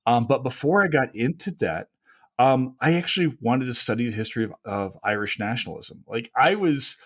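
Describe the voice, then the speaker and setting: A man's voice: medium pitch, animated, brisk. Easygoing American podcast host, man. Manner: easygoing, enthusiastic, says "like" a lot. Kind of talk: casual podcast conversation.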